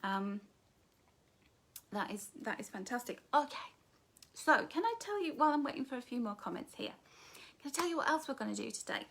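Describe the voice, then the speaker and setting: A woman's voice: on the high side, lively intonation, brisk, gravelly, pauses often. A middle-aged woman, chatting on a live stream and reading viewers' comments aloud, calling them darling and my love. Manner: warm, affectionate, calls viewers darling and my love. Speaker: author hosting a live book launch.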